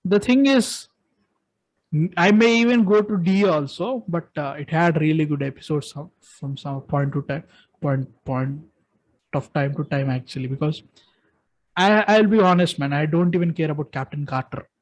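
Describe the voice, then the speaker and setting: A man in casual chat, giving excited, rambling opinions with frequent restarts as he ranks films. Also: fairly high pitch, normal speed, rough recording. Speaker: co-host ranking films.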